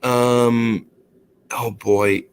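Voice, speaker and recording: A man voicing a flustered young woman who works at a bar, halting and hesitant as she leaves a voicemail. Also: mid-range voice, flat delivery, a little hiss or hum.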